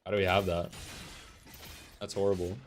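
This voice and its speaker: A man's voice: low voice, flat delivery, moderate pace, a little hiss or hum. A young man streaming a competitive game and commenting live, frustrated, swearing and ranting about his teammates.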